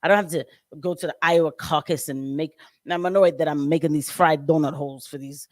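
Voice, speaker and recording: A woman's voice: sits low, fairly even intonation, fairly quick, no echo, clean studio sound, voice pushed down, close to an everyday voice. A woman putting on a mocking voice of a haughty male politician who sneers at voters in a dismissive, sighing way. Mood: sneering.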